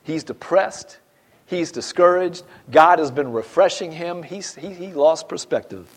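A middle-aged male pastor preaching a sermon, reading scripture dramatically with swings between loud and hushed delivery. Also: a little high, lively intonation, a little slow.

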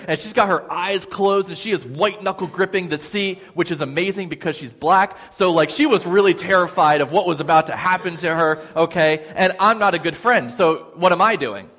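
Animated storytelling pastor, higher voice. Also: male voice. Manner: animated, self-deprecating storytelling with many "okay?" asides. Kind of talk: storytelling sermon. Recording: long hall reverb.

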